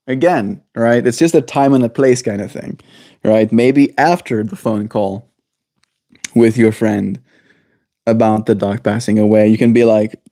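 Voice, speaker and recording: A man hosting a daily livestream, chatting in a relaxed, rambling way and chuckling to himself. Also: fairly low pitch, a little slow, dry recording, clean studio sound. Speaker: livestream host. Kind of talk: casual chat.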